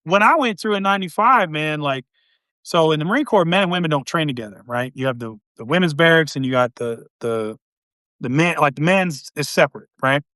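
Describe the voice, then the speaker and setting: A man's voice: on the high side, lively intonation, a little fast, sharp tone, no echo, clean studio sound. A man in his late forties hosting a casual chat, a Marine veteran telling rambling stories. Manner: rambling, lots of fillers and restarts.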